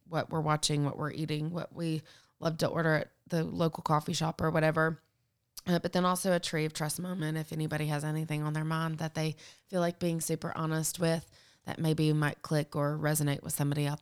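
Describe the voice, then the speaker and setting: A woman hosts a casual podcast in a low, hoarse voice. She talks in a chatty, upbeat way, full of ums and asides. Under the hoarseness her tone stays smooth. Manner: chatty, upbeat, many fillers. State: hoarse from a lingering cold. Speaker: podcast host.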